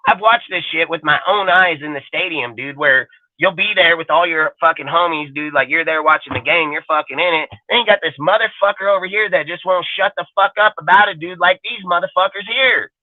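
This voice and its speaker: A podcast co-host in his forties rants heatedly and crudely about football, rambling and swearing constantly. His fairly high voice runs a little fast with hardly any pauses, on dry, tinny phone-like audio with no room sound.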